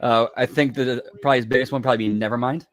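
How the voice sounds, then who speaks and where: A man's voice: medium pitch, fairly even intonation, rapid-fire. A man co-hosting a casual wrestling stream, giving short, offhand answers and chatting about music. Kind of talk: casual chat on a wrestling watch-along stream.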